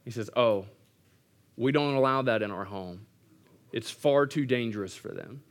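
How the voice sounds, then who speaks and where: A male pastor preaching a sermon, animated, moving between quiet asides and loud, emphatic lines. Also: mid-range voice, moderate pace.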